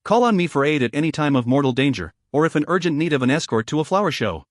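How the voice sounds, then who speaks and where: A man voicing a witty, refined male warlock gentleman who talks in a wry, courtly manner. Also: on the high side, sing-song, fast talker, no echo, studio quality.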